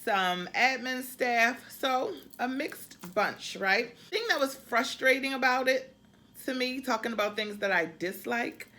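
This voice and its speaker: A woman's voice: fairly high pitch, lively intonation, a little slow, sharp tone. A woman travel nurse chatting casually to her viewers in a vlog, calling them y'all. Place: room used for filming.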